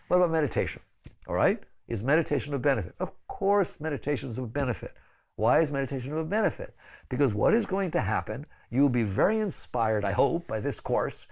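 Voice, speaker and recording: Older man, spiritual teacher; gravelly, animated delivery full of "right?" asides and coaxing pleas. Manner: conversational, pleading, frequent "right?" asides; sudden high exclaiming bursts when acting out others. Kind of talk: spiritual lecture.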